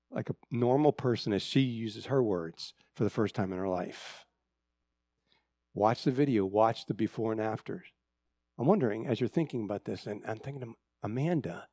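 Dry-sounding pastor preaching with swelling emphasis. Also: male voice, medium pitch, dry recording. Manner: storytelling with repeated words, swinging between loud emphasis and hushed drops. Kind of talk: sermon.

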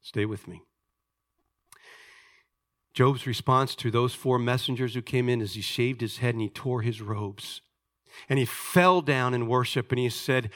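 A male pastor tells a story in his sermon, dropping to quiet asides and then rising to loud, urgent emphasis. His voice is bright and forceful, at a middle pitch. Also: a little slow, long pauses. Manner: storytelling, swings from hushed to loud emphatic preaching.

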